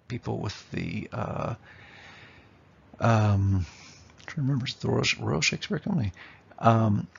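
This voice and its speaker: A man giving a recorded lecture on poetry, tapping out rhythms as he talks and pausing on fillers. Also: lowish voice, fairly bright tone. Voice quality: gravelly and husky. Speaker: literature lecturer. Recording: dull lo-fi recording.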